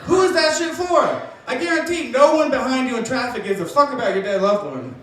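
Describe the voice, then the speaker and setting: A man doing a stand-up comedy set, telling deadpan dark jokes and acting out voices, with audience laughter behind him. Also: extremely high pitch, fairly quick. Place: comedy club stage. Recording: echoey club from far off, crowd laughing.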